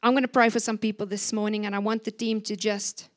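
A woman's voice: mid-range voice, level tone, fast talker. A woman preaching a sermon in a church service, fervent and exhorting, acting out scripture quotes with a raised voice.

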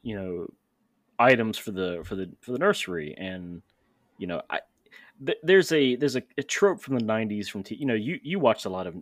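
A man with a fairly low voice hosts a relaxed podcast conversation. He tells candid, self-deprecating stories. The sound is dry and close, with no room around it. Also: moderate pace, no echo. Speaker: podcast host.

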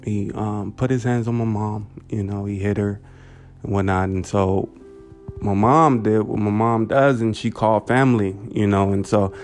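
A man with a low, level voice recounts a hard family memory, pausing often and leaning on "you know" and "um". His delivery stays flat and unhurried, with faint music under him. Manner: halting, many fillers and "you know". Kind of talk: personal storytelling.

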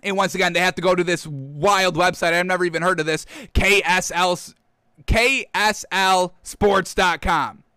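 A sports show host with a high, bright voice goes on a heated, animated football rant, calling his listeners "folks" again and again. He speaks smoothly at a moderate pace, captured on a close studio mic with a dry, clean sound.

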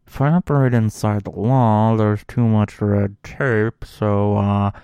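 A man voicing a hesitant male agent asking a favor, halting with ums and uhs. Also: on the low side, steady tone, dark tone, smooth, pitched below the performer's own voice. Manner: halting, full of um and uh.

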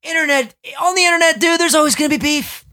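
A young man hosting a podcast in casual chat, excitable, swearing freely and laughing often. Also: very high-pitched, fast talker. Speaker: podcast host.

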